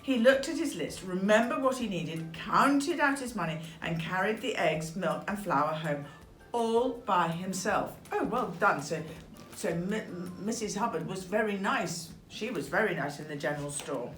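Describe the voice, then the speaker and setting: An English woman reads a picture book aloud, playful and chatty between the lines. Her pitch moves a great deal as she goes. The voice rings in an echoey room with faint music underneath. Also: normal speed. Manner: animated, playful, with chatty asides. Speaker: storybook reader.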